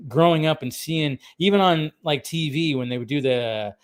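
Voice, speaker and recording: Casual podcast co-host, male, 30s, rambling and animated, slightly high voice. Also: normal speed, smooth. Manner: rambling, animated, lots of fillers and restarts. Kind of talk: casual chat.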